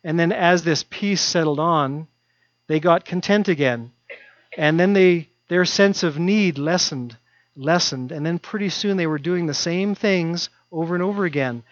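A male pastor delivers a sermon in a chatty, down-to-earth way, hammering points through repetition. His voice sits fairly high for a man. The recording is dull and dry, with no room sound. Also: a little slow, no echo. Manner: conversational, repetitive emphasis.

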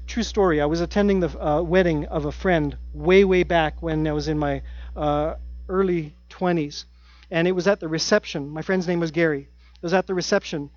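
A middle-aged man preaching a sermon in an earnest way, repeating his key phrases and dropping his voice to a hush at times. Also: on the high side, no echo, muffled recording. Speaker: pastor.

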